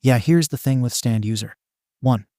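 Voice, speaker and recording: A man's voice: medium pitch, moderate pace, warm tone, dry recording, studio quality, close to an everyday voice. A man reading the lines of a self-proclaimed male god who explains rules in a lecturing, matter-of-fact way, in a fan storybook reading. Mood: explaining.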